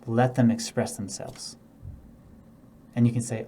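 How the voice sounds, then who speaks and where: A man's voice: mid-range voice, flat delivery, a little slow, mellow, slight background noise. Casual male real estate trainer. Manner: casual, demonstrates tones and acts out example speakers. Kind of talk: instructional talk.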